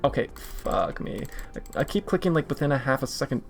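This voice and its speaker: Casual streamer, man, gravelly mid-pitched voice, swears when annoyed, faint music behind. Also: lively intonation, fairly quick. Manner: frustrated, swearing, talking to himself while playing. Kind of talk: casual gaming stream commentary.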